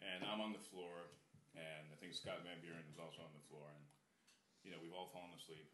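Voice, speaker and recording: A man with a lowish voice co-hosts a casual podcast, relaxed and low-key as he shares a story. The room is roomy, with a faint noise floor. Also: brisk. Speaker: podcast co-host. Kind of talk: casual chat.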